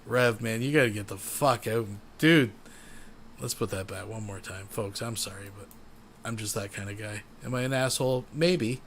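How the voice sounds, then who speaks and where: A man's voice: fairly low pitch, normal speed, slight background noise. A man hosting a casual reaction commentary. He is tipsy from beer and talks in a loose, crude, rambling way. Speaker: commentary channel host.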